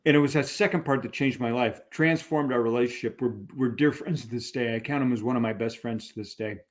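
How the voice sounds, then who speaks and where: A middle-aged man, a podcast guest, telling a personal story in a casual, animated way with many fillers and restarts. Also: medium pitch, fast. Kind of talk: conversational storytelling.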